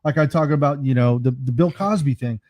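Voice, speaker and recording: Guest brand strategist, man, animated storyteller, mellow and warm, dry close sound. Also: mid-range voice, fairly quick, dry recording. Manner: animated storyteller, jokes around. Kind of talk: casual podcast interview.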